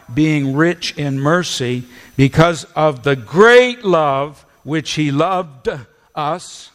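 Slow, emphatic preaching man in a hall. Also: on the high side. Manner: slow, emphatic preaching with repeated words and drawn-out stresses. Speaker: pastor. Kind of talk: sermon. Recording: long church hall reverb.

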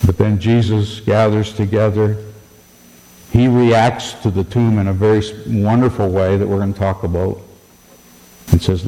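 A man preaching a sermon, telling the story slowly and with emphasis. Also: fairly low pitch, little pitch movement, warm tone. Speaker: pastor. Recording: long church-hall reverb.

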